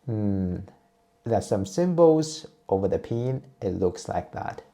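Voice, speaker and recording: Low raspy guy, patiently walking learners through sounds. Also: slow pace. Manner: patient, steady teaching voice, repeats drill sounds. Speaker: Chinese teacher. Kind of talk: explaining and modeling pronunciation.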